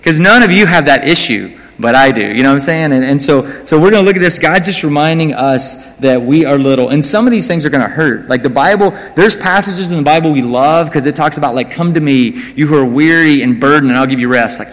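A man's voice: a little high, expressive, a little fast, hardly any pauses, a bit bright. An American man preaching a sermon, conversational and self-mocking, with asides to the congregation. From United States. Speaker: pastor. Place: church hall. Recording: long hall reverb.

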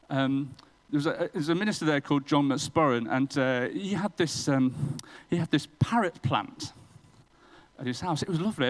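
A man's voice: fairly high pitch, rough recording. A man preaching a sermon in a church, telling a personal story with self-deprecating humour.

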